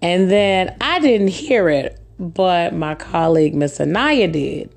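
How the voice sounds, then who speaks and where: A young woman hosting her own podcast, chatting casually and laughing often, her voice a little hoarse from allergies. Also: lowish voice, lively intonation, takes it slowly. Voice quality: slightly rough voice. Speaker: podcast host. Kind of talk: casual storytelling monologue.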